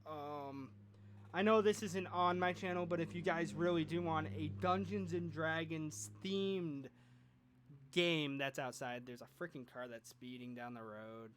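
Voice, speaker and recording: A man's voice: on the high side, measured pace, fairly bright tone, a little hiss or hum. A man hosting a casual podcast chat, rambling and joking with plenty of fillers. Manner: rambling, jokey, lots of fillers. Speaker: podcast host.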